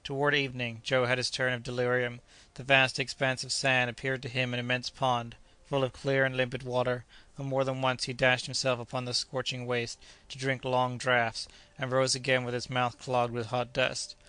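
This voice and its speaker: A man narrating an adventure audiobook in a measured, steady reading. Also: mid-range voice, clean tone, dry recording.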